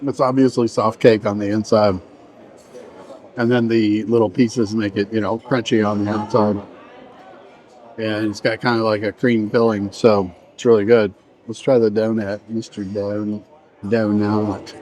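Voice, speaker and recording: A man's voice: fairly low pitch, flat delivery, normal speed, darkish tone. A middle-aged man in a casual food-tasting vlog, chatting and rambling between bites in an indoor buffet restaurant. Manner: chatty, rambling, trails off mid-sentence while eating. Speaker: vlogger reviewing a buffet.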